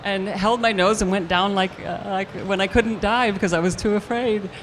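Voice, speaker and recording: Animated older actress telling a story. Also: female voice, medium pitch, normal speed, slight background noise. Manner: animated storyteller acting out quotes with restarts. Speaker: actress guest. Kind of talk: storytelling anecdote in an interview.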